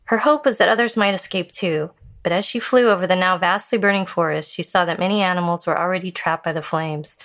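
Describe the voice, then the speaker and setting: Woman telling a fable, measured. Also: lowish voice, a bit bright. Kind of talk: storytelling a Buddhist fable.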